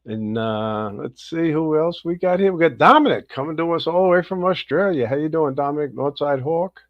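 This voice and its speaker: A man's voice: on the high side, fairly quick, dry recording. A man hosting a casual livestream, upbeat and chatty, greeting viewers one by one. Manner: upbeat, greets viewers by name in a lively rising voice. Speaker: livestream host. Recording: dull, slightly lo-fi dry sound.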